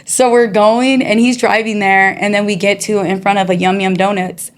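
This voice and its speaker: A woman's voice: medium pitch, little pitch movement, moderate pace. A woman guest telling her life story in casual, streetwise speech, acting out the people in it. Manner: chatty and streetwise, often says "you know" and "girl". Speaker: guest sharing her testimony.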